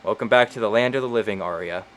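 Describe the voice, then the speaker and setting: A man voicing a calm male companion who directs the others in a steady, commanding way. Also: on the low side, fast, natural voice. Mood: calm, directing.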